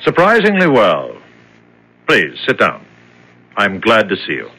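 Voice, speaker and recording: An actor playing a measured, probing prison official in a 1970s radio drama. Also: male voice, on the low side, wildly swooping pitch, gravelly, noisy background, full character voice.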